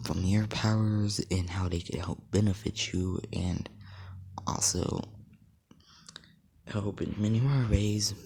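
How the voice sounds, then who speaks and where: A man voicing a nervous, gloomy teenage hero boy, talking in a hushed, hesitant half-whisper. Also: deep voice, exaggerated voice.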